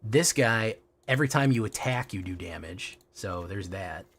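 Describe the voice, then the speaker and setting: A man's voice: on the low side, expressive, normal speed, fairly bright tone, a little hiss or hum. A man streaming a card game, chatting casually with his viewers, swearing freely and often restarting his sentences. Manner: casual and profane, restarts a lot. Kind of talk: casual livestream chat.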